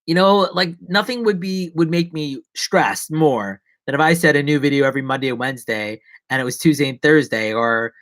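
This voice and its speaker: A man's voice: on the high side, moderate pace, few pauses, a bit bright, no echo. A man chatting loosely on a live stream, jumping between asides and poking fun at himself. He restarts his sentences often and lets thoughts trail off. The sound is dry and close. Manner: rambling, self-mocking, many restarts and asides. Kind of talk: casual live-stream chat.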